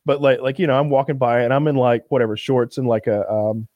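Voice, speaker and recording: A man's voice: medium pitch, fairly even intonation, fast, no room sound, dull audio. A man telling a crude comedic story on a video call, rambling with lots of repeated filler words and swearing.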